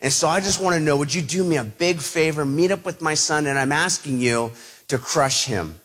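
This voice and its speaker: A man telling a personal story to an audience, animated, acting out the voices of the people in it. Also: a little high, moderate pace.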